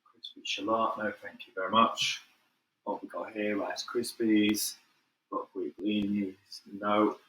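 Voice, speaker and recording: A bright, lively Mancunian man, a chef chatting to his viewers as he cooks at home. He calls out to them casually and moves around the kitchen as he talks. His somewhat low voice rings in an echoey room, with a faint hum of ambience behind it. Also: unhurried. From England. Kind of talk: live cooking stream.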